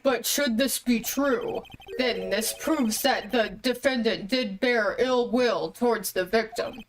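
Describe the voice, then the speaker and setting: A woman voicing an elderly male judge who speaks in slow, formal pronouncements. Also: fairly high pitch, distant mic, a little hiss or hum, low-quality recording.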